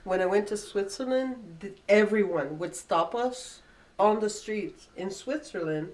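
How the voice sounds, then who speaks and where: Female co-host, Canadian French accent, sits back from the mic, animated and encouraging. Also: medium pitch, measured pace, recorded from a distance. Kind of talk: casual chat.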